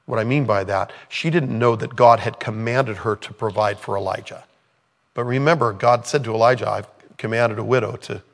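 A man's voice: fairly low pitch, moderate pace, creaky, in a large hall. A man preaching a sermon in a conversational way, with playful acted-out asides. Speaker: pastor.

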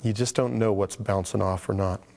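A man's voice: lowish voice, steady tone, normal speed, vocal fry, darkish tone, long reverb tail. A man preaching as a pastor, telling stories conversationally and acting out the voices of the people in them. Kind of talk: sermon.

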